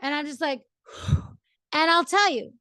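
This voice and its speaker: A woman's voice: sits high, unhurried, pushed and bright, no room sound, studio quality. A middle-aged woman giving casual relationship advice in a rambling, chatty way, often checking in with "right?".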